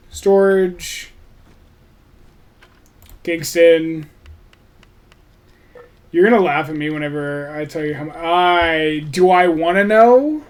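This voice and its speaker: A man chatting casually on his livestream, rambling, restarting sentences and swearing offhandedly. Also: fairly high pitch.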